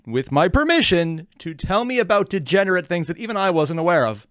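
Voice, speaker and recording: A man hosting a reaction video, chatting in an excitable, rambling way. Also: sits high, a little fast, hardly any pauses, no echo, studio quality. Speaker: reaction channel host. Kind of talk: casual reaction commentary.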